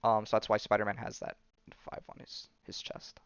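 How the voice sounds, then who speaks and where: A man's voice: on the low side, completely flat delivery, normal speed, creaky, smooth, dry recording, highs cut off. A man hosting a podcast, recapping comics in casual chat full of fillers and restarts. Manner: rambling, many fillers and restarts. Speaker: podcast host.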